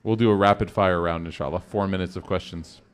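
A man giving an Islamic talk to a live audience, telling stories in a conversational, animated way before taking questions. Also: sits low, fairly quick, clean tone. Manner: conversational, animated storytelling with religious phrases. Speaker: religious speaker.

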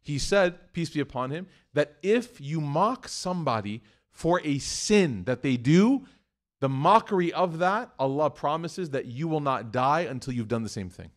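A man giving a conversational sermon, telling a story and acting out the quoted voices with lively shifts, often checking in with "right?" and "okay?". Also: a little high, measured pace. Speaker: Islamic preacher.

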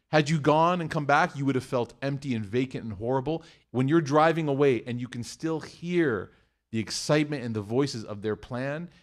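A man giving an Islamic talk to a live audience, telling stories in a conversational, animated way before taking questions. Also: mid-range voice. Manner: conversational, animated storytelling with religious phrases. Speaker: religious speaker.

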